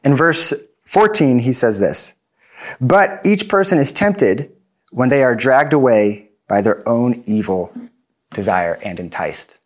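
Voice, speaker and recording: A man's voice: mid-range voice, animated, slow. A man preaching a sermon in an earnest, plain-spoken way, with self-deprecating asides.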